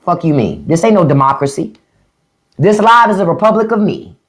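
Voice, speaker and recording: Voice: mid-range voice, lively intonation, fairly quick. A livestream host giving a blunt, profane, mocking rant to viewers. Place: livestream at home.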